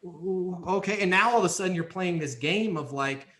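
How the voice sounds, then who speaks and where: At normal speed and with a sharp tone, a high-voiced man serves as a podcast interview guest. His coaching on leasing sales steps is emphatic and hands-on, and he role-plays examples himself.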